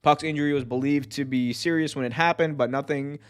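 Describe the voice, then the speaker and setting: A man hosting a wrestling podcast, chatting casually and excitedly, laughing often. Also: a little high, a little fast, clear, resonant tone. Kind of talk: casual chat.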